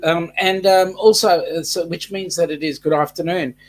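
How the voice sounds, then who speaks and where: A man with an Australian accent co-hosting a casual live stream, reading out viewer comments with many pauses and fillers. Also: a little high, fairly even intonation. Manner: halting, many fillers, reads out the chat. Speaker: co-host of weekly live stream.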